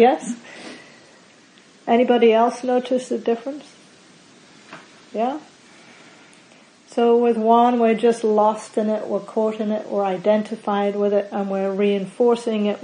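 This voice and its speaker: A slightly high-pitched woman teaches meditation, giving a dharma talk to a gathered group. Her delivery is calm and measured, naming words one at a time and letting the ends drop off, on a low-quality recording.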